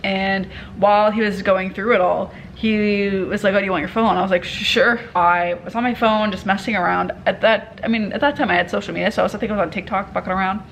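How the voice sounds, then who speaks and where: A young woman telling a story in a casual vlog, candid and animated, swearing freely and acting out what people said. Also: mid-range voice, quick pace, vocal fry, hardly any pauses, slight background noise, poor audio. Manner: candid, animated retelling with profanity and quoted dialogue. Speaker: vlogger.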